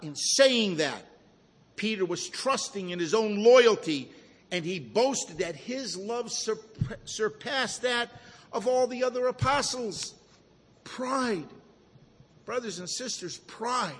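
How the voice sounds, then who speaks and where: High-voiced preacher in an echoing hall. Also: male voice, lively intonation, breathy edge. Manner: slow, emphatic preaching with dramatic drops to a hush. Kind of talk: sermon.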